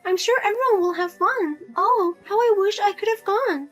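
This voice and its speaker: A woman's voice: very high-pitched, normal speed, fairly bright tone, faint music behind. A woman playing a pushy, self-pitying widowed mother who keeps guilt-tripping her daughter and asking for money, in a narrated drama. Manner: nagging, whiny, guilt-tripping.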